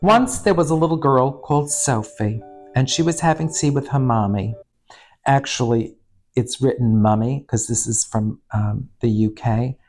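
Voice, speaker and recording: A man's voice: mid-range voice, unhurried, darkish tone, faint music behind. A middle-aged man in drag, reading a children's picture book aloud with campy, sardonic, bawdy asides. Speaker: storytime host and drag performer.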